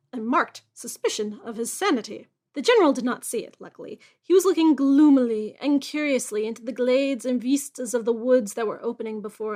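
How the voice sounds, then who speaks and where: A young woman with a high voice reads a Gothic tale aloud, then drops into chatty, musing asides. Her commentary is wry and casual, lively next to the steady reading. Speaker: reader and host.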